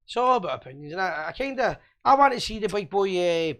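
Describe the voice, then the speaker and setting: Fast-talking Scottish man joking around. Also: high-pitched, lively intonation, crowd noise. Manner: joking, rambling and boisterous. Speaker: host. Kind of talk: casual live-stream banter.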